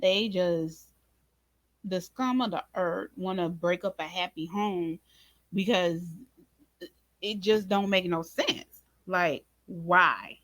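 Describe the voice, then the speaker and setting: A woman hosting a casual recap of a drama episode, speaking to viewers in an informal, expressive way and acting out her own reactions. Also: on the low side, slow, dry recording. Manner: animated, talks to viewers as "y'all" and "baby"; acts out her own reactions in quoted asides. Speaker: reaction channel host.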